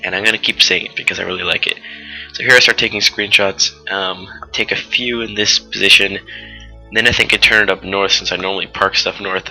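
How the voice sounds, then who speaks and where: A man's voice: deep voice, sharp tone, rough recording. A fifteen-year-old boy giving a rambling, casual voice-over for his gameplay video, full of fillers and asides about going off topic. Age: 15, teenager. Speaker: let's-play commentator.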